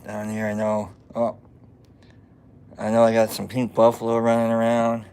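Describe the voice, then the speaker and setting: A Nebraska-accented man runs a mushroom-growing livestream, speaking in a fairly low, darkish, smooth voice that stays monotone at a moderate pace. He rambles casually and jokes about himself. He frequently trails off into mumbling.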